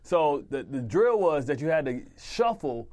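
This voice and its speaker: Lively ex-football-player storyteller, man. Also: on the high side, a little slow. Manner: animated, laughing storyteller who acts out quotes. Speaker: guest, former football player. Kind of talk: casual storytelling interview.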